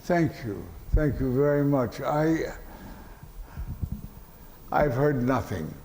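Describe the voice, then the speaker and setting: Older man, gravelly, unhurried, halting, deadpan humor, echoey hall. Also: mid-range voice, a little hiss or hum. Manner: halting, many pauses and fillers, dry deadpan joking. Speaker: interview guest, veteran actor. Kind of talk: relaxed panel conversation. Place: event hall with audience.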